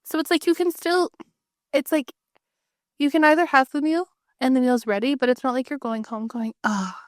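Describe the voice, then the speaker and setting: A woman co-hosting a podcast, chatting in a relaxed way with lots of fillers. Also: high-pitched, normal speed, no echo, studio quality. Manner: relaxed, conversational, many fillers. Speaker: podcast co-host. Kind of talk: casual chat.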